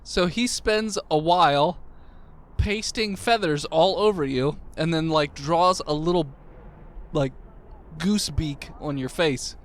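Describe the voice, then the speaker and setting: A man narrating a tabletop game as game master, animated and teasing the players. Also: a little high, slow.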